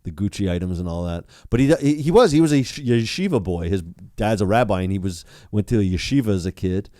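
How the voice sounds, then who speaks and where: Guy cohosting a podcast, low voice, dark tone, swoops up and down a lot, dry sound. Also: fairly quick, no room sound. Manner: animated, lots of restarts and laughter. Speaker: podcast co-host. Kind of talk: casual chat.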